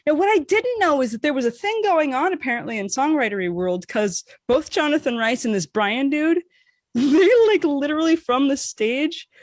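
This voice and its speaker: Woman, high voice, dry close sound, podcast co-host, casual storytelling, animated, swears a lot. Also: normal speed, no room sound. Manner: animated, profane, acts out quotes with big pitch swings.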